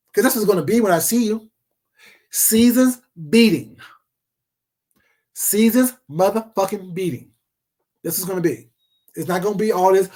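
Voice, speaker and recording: A man with a notably high voice delivers a profane, confrontational rant straight to camera. He is combative and talks to his viewers casually, as if they are sitting across from him. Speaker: vlogger.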